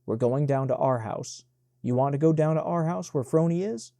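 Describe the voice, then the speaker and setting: A man reading the part of a teenage servant boy who hushes and coaxes a child, in a mellow voice. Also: a little high, moderate pace, no echo, studio quality, lightly acted. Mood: coaxing, hushed.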